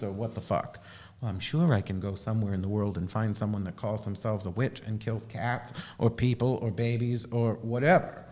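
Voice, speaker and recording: A man's voice: fairly low pitch, animated, normal speed, darkish tone. A man hosting a live video stream, talking casually in a rambling, profane and sardonic way. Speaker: livestream host.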